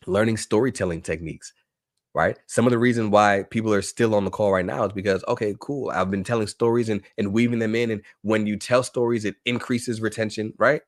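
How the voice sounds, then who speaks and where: A man presenting a live online workshop for teachers, talking in an energetic, emphatic way and repeating phrases for effect. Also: lowish voice, no echo, studio quality. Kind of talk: motivational live webinar talk.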